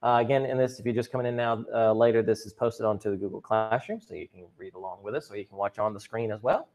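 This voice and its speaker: A man's voice: fairly low pitch, fast. Upbeat chatty male teacher on a video call. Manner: upbeat, chatty, joking asides with students. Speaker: drama and chorus teacher. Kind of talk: virtual class lesson. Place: classroom. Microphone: computer mic on a video call.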